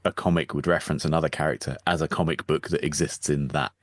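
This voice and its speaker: A man's voice: very deep voice, little pitch movement, quick pace, no room sound. A man talking casually as a podcast guest, agreeable and dryly amused. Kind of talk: casual chat.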